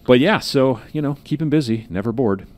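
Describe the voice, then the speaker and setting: A man's voice: mid-range voice, animated, fairly quick, a little mellow. A man co-hosting a podcast from an office, chatting casually and rambling with lots of fillers and restarts. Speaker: podcast co-host. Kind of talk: casual chat.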